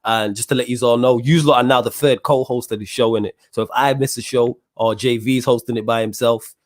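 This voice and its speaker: A man talks quickly in upbeat, slangy podcast chat. His voice sounds close and dry with no room around it, and he laughs easily. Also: mid-range voice, steady tone, no echo. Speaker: podcast co-host.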